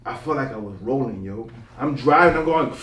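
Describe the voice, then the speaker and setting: A young man telling a story in casual chat with friends. He is animated and slangy, swears a lot and laughs as he talks. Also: mid-range voice, fairly quick, slight background noise. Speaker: podcast co-host. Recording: echoey room, mic at a distance.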